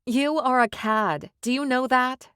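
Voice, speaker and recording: A woman's voice: sits high, unhurried, a bit bright, smooth, no echo, clean studio sound, voice pushed up. A woman voicing a fiery young witch in an audiobook, speaking in heated, emphatic outbursts. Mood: spirited.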